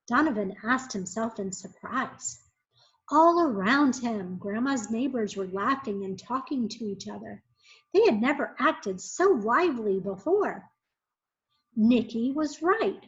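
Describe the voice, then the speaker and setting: A woman teacher reading a children's book aloud in an expressive, measured way. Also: on the high side. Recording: muffled lo-fi recording.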